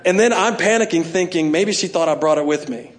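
A man's voice: fairly high pitch, brisk. A middle-aged man, preaching a sermon and telling stories with self-mocking humor and acted-out asides. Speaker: pastor.

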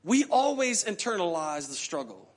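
A male pastor preaching a sermon with passion, acting out prayers in quick repeated bursts. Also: high-pitched, very animated, slightly rough.

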